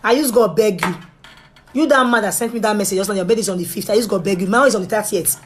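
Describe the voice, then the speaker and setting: A young woman with a Nigerian Pidgin English accent, chatting straight to her viewers in a pleading, animated way that drops to a hush and rises loud. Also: mid-range voice, very fast, a little hiss or hum. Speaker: vlogger. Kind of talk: casual direct-to-camera talk.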